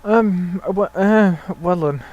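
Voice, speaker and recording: High-voiced guy reacting slowly. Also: darkish tone, lo-fi sound. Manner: short reactive remarks, laughs and curses. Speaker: co-player. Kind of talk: casual gaming chat.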